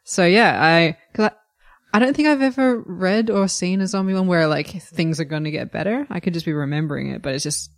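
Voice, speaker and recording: A woman's voice: on the low side, a little fast, no echo, studio quality. Chatty woman on a podcast. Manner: chatty, many fillers and "like". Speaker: podcast co-host. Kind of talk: casual chat.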